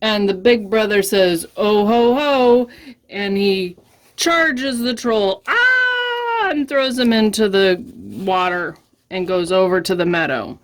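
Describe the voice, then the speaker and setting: A woman librarian telling a story to young children in a gentle, expressive way. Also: medium pitch, unhurried, slight background noise.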